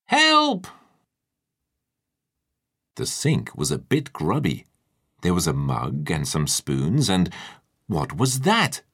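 A man narrating a children's storybook in a lively, expressive way. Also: very deep voice, slow pace, breathy edge.

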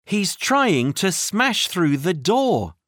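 A narrator voicing an anxious young girl adventurer in a children's audiobook, asking quick, worried questions. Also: medium pitch, expressive, fairly bright tone, dry recording, clean studio sound, voice pushed up.

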